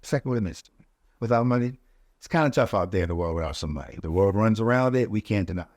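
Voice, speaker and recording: A man, a podcast guest, telling his story in a relaxed, casual way with many fillers, and growing animated as he relives the events. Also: fast talker, no room sound, studio quality. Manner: animated, rising pitch when reliving events.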